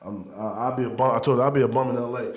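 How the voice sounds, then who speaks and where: A man's voice: mid-range voice, very fast. A man in his forties from Philadelphia, a comedian guest chatting and joking on a podcast. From Philadelphia, USA. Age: 40s. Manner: joking, animated storyteller. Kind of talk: casual podcast chat. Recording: roomy echoey studio.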